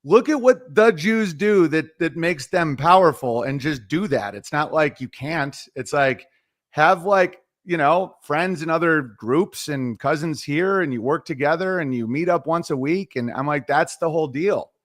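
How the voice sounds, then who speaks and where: A man's voice: fairly high pitch, measured pace. A middle-aged man, a comedian guest, telling rambling stories in a casual podcast chat. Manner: rambling, animated storytelling.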